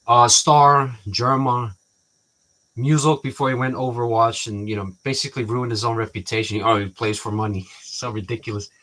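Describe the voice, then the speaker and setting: A man's voice: mid-range voice, fairly even intonation, normal speed, bright, forceful tone, slight background noise. Rambling casual man vlogging. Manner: rambling, restarts often, acts out quoted exchanges.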